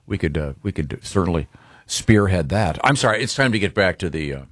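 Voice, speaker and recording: Playful man with a lively voice. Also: deep voice, a little fast, no room sound, studio quality. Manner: playful, laughs often, teasing. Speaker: radio co-host. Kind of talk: casual morning show banter.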